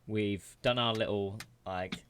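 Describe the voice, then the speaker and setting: A young man hosts a loose podcast chat over a voice call, with a bright, forward tone. His talk is relaxed and full of laughs and casual swearing. A faint hiss of noise sits under his voice. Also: fairly low pitch, slow. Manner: laid-back, laughs often, swears casually. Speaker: podcast host.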